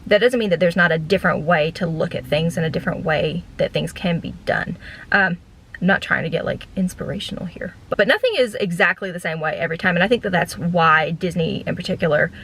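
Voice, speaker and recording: A woman's voice: lowish voice, brisk, slightly rough, low-quality recording. Chatty woman rambling from her car. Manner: rambling, deadpan, many "like" fillers. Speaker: vlogger and former theme park ride guide. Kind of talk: casual storytime chat.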